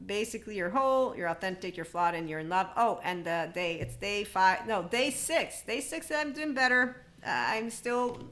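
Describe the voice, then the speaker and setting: A woman's voice: medium pitch, lively intonation, normal speed, few pauses, fairly bright tone. A woman hosting her own podcast, talking in a rambling, candid way, laughing often and swearing freely. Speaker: podcast host. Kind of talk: casual spoken monologue.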